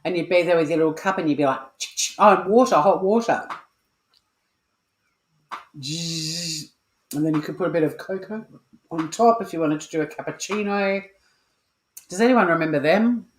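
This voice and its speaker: An Australian woman with a lowish voice hosts a casual cooking livestream from her home kitchen, talking quickly. She's chatty and playful, swears freely, and makes asides to viewers; the home mic sounds reverberant.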